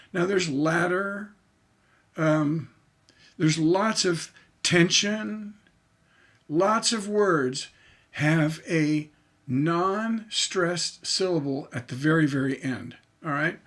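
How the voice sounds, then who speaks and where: A man's voice: high voice, fairly bright tone. A man teaching songwriting in a livestreamed lecture, explaining syllable stress by tapping out rhythms aloud.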